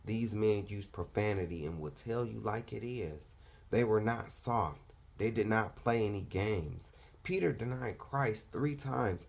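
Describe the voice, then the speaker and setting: A man's voice: mid-range voice, lively intonation, a little slow. A man preaching a confrontational, fiery sermon, lecturing his listeners.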